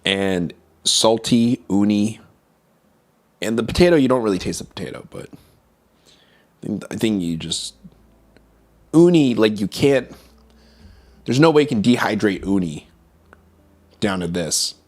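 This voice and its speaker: Slow, low-voiced man chatting on stream. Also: lively intonation. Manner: chatty, switches between English and Mandarin while reading chat. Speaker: vtuber streamer. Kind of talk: casual chat.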